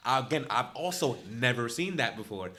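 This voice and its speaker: A man's voice: medium pitch, expressive, moderate pace, bright, forceful tone. A young man co-hosting a sports podcast, blunt and joking, swearing casually as he breaks down a game. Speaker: podcast co-host.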